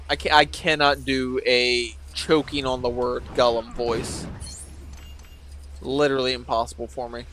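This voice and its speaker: A man's voice: mid-range voice, noisy background. A man casually commenting on gameplay, rambling and joking at his own expense. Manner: rambling, joking, self-deprecating. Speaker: let's play streamer.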